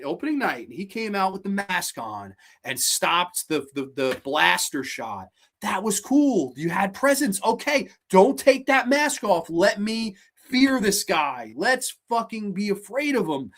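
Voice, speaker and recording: A woman hosting a casual film review show, ranting in a profane, sarcastic, animated way. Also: mid-range voice, a little slow. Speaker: host.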